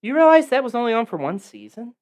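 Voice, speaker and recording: Talking fast in an extremely high-pitched voice, a man hosts a podcast of casual chat. He spins animated, swear-filled stories that meander and digress.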